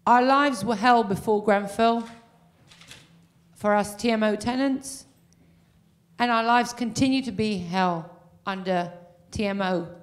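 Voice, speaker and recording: Slow, halting woman from the audience. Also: mid-range voice. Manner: heartfelt, halting, with pauses and fillers. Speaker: audience member, resident. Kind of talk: question from the floor.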